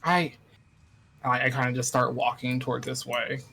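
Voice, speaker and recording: Guy rambling at a tabletop game, bright voice, a bit of hiss behind. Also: mid-range voice, normal speed, gravelly. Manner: rambling and excitable, swears casually. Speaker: player. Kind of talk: tabletop role-play chat.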